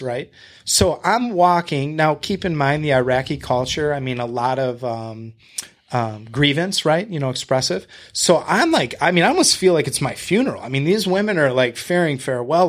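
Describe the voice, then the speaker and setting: Podcast guest, male, fairly high voice, swears freely, tells a story with many restarts. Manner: blunt and profane, retelling a confrontation; talks to the host with fillers and restarts. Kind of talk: casual storytelling.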